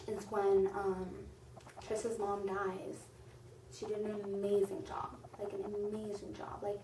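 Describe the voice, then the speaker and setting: Woman, movie review vlog, rambling and gushing, mellow voice, echoey room, a bit off-mic. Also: medium pitch, far from the mic. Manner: gushing, rambling, heavy use of "like". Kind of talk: casual movie review chat. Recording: roomy echo, off-mic, faint noise.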